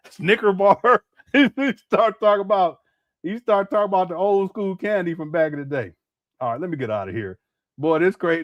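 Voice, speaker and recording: A man's voice: high-pitched, measured pace, pauses often, no room sound. Laughing, mocking man on a live stream. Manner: laughs often, mocking asides. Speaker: commentary streamer. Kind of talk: casual live-stream commentary.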